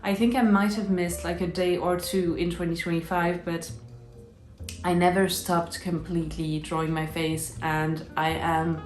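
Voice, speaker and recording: A fairly low-voiced woman talks casually to her viewers in English, with a French accent that slides between British and American. She sounds upbeat and chatty and restarts her sentences often. The room is echoey, with soft instrumental music playing underneath. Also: little pitch movement, a little slow. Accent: French, shifting between British and American. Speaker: illustrator and YouTuber. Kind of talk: casual chat to camera.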